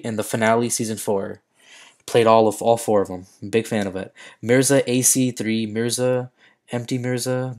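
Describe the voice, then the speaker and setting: A young man livestreaming a mobile fighting game, chatting casually in slang, reading chat, and shouting at the game while he plays. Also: medium pitch.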